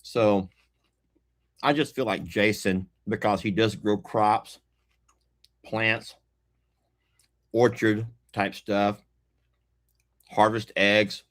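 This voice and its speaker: A man's voice: fairly low pitch, steady tone. A man chatting casually to viewers while eating, folksy and teasing. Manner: slow, folksy, teasing, laughs often, talks while eating. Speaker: food vlogger. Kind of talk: casual mukbang chat to viewers.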